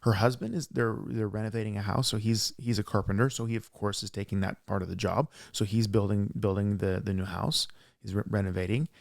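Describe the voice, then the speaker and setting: A man co-hosting a casual podcast who sees patients in his work. He tells stories in an emphatic, animated way. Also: lowish voice, fairly quick, gravelly, no room sound, clean studio sound. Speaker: podcast co-host.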